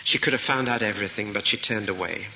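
A man's voice: fairly low pitch, fast talker, bright, forceful tone. A male preacher giving a sermon, retelling a story vividly and asking rhetorical questions. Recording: dull recording in a reverberant hall, faint noise.

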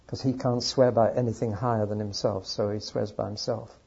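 A man teaching through a Bible book to an audience, telling the story earnestly and dropping into quiet asides. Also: mid-range voice, fairly even intonation, fairly quick, hardly any pauses, lo-fi sound, a little hiss or hum.

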